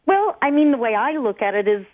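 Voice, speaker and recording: A woman in her forties calling in to a radio show, sheepish and flustered, turning animated as she retells things. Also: on the high side, brisk. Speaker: caller. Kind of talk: phone-in chat on a radio show. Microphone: phone. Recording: tinny phone line.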